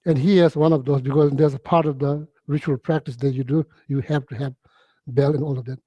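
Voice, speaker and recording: A man giving a Buddhist teaching, telling stories in halting, repetitive phrases with many "you know"s and frequent throat-clearing. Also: mid-range voice, steady tone, mellow, no echo. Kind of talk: storytelling dharma talk.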